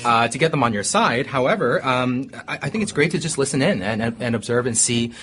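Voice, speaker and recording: A man's voice: medium pitch, expressive, a little fast, noisy background. A man, a teacher guest on a casual podcast, reflecting on teaching in a hesitant, thoughtful way. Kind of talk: casual chat.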